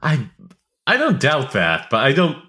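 A man's voice: medium pitch, wildly swooping pitch, unhurried, bright, forceful tone. A man co-hosting a casual tech podcast, laid-back, mostly reacting with short remarks. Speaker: podcast co-host.

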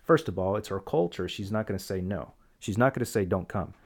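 A man's voice: low voice, fairly quick. A young man in casual chat, animatedly recounting a family conflict and acting out the voices in it. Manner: animated storyteller, acts out quoted dialogue. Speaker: guest telling a personal story.

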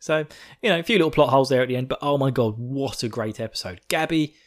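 Male podcast host, mid-pitched, giggly, rambling and profane, over-caffeinated. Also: fast. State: buzzing on coffee. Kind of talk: casual episode recap.

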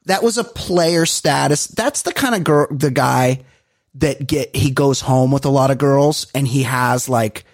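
Husky man telling stories with gusto. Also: mid-range voice, measured pace, no room sound, clean studio sound. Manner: animated storyteller, swears freely, acts out quotes. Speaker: podcast co-host. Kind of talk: casual chat.

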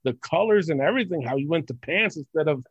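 A man's voice: fairly high pitch, fast, slightly rough, no room sound, dull audio. A man from Puerto Rico co-hosting a wrestling podcast, ranting bluntly and swearing freely in casual chat. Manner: blunt, profane, animated rants. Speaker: podcast co-host.

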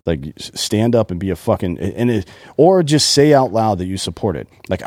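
A man in his thirties talks bluntly and swears freely as a podcast co-host. His voice sits very low and dark. The sound is dry and close. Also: big pitch swings, normal speed, dry recording. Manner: blunt, profane, emphatic. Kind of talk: casual chat.

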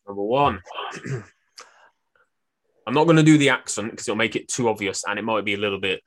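A man's voice: on the low side, a little fast. A man hosting a casual quiz among friends, joking and teasing the players. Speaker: quiz host. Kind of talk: casual game chat.

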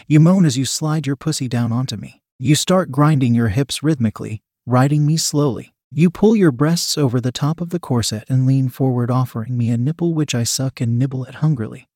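A man calmly narrating a first-person erotic audio story in an intimate reading voice. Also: medium pitch, no room sound, studio quality.

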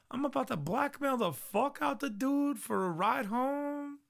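A man putting on a high, scheming, crude young woman. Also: lively intonation, unhurried, vocal fry, exaggerated voice. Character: sassy young woman blackmailing a classmate.

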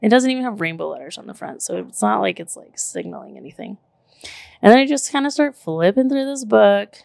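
A woman in her thirties telling a story in casual chat, animated and emphatic, full of "like" and the odd curse word. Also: medium pitch, brisk, vocal fry, dry recording, clean studio sound. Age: 30s.

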